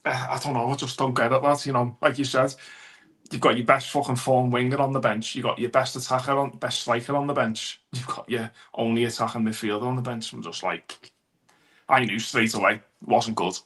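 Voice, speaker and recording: A man's voice: mid-range voice, fairly even intonation, brisk, a bit bright. A man joining a football fan show, blunt and critical. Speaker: guest panelist. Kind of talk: casual football chat.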